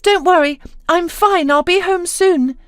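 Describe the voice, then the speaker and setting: A woman voicing an excited young wife, speaking high and bright. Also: unhurried, dry recording, studio quality.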